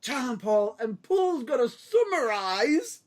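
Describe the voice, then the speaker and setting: Rambling man with a lively voice. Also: very high-pitched, slow pace. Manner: rambling, laughing, restarts his sentences. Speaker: podcast co-host. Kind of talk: casual chat.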